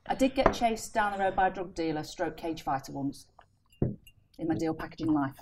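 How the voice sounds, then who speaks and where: A woman telling an animated, laughing story as a deal packager on a casual property panel. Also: deep voice, brisk, background noise. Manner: animated, laughing, acts out voices in her story.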